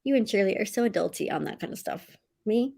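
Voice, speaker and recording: A woman hosting a casual livestream, reading out viewer comments from home, laughing often and going high-pitched when excited. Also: fast, vocal fry, slightly rough. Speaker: livestream host of writing sprints.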